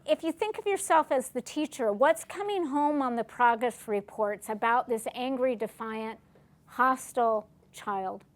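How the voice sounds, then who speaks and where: Middle-aged woman lecturer, slightly high voice, conversational teaching style that poses questions to the room. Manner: asks the audience questions, acts out short dialogues. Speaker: lecturer on family recovery. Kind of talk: classroom lecture.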